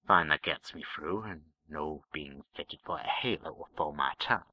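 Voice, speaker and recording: A man voicing a gruff, blunt starship captain in a skeptical, dry drawl, read as part of an audiobook-style story. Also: very deep voice, normal speed, no echo, dull audio, voice pushed down. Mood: wry.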